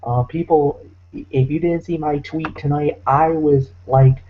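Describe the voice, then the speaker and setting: A man's voice: a little high, slow pace, muffled recording. A man co-hosting a wrestling podcast, ranting in a heated, exasperated way. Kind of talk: ranting commentary.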